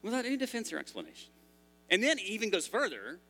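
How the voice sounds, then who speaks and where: A man's voice: high voice, huge pitch swings, quick pace, sharp tone. A man preaching a sermon in a church as pastor, in a conversational style with frequent restarts.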